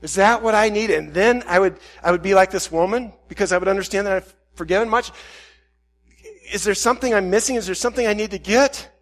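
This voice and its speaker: A man with a fairly high voice gives a reflective sermon in a candid, self-questioning way. He works through his doubts out loud and acts out the questions he asks himself. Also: fast. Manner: candid, self-questioning, with quoted inner dialogue.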